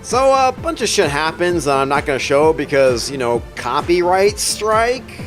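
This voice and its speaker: A man giving a casual, sarcastic and profane comic book review with deadpan jokes. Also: a little high, moderate pace, soft background music.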